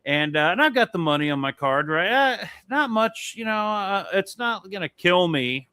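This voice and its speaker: A man's voice: high voice, normal speed, clear, resonant tone, dry recording. A man co-hosting a casual talk show, telling a long story with a lot of swearing. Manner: animated, swearing, rambling anecdote. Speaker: podcast co-host.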